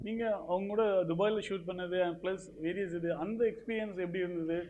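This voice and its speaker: A man from India hosting an interview, asking questions quickly and switching languages mid-sentence. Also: high-pitched, steady tone, narrow, tinny audio, a little hiss or hum. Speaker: interview host.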